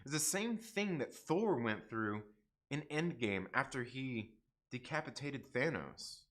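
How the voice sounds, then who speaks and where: A young man hosting a casual livestream review, excitable, repeating himself and swearing often. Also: medium pitch, unhurried. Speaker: YouTube show host reviewing TV episodes.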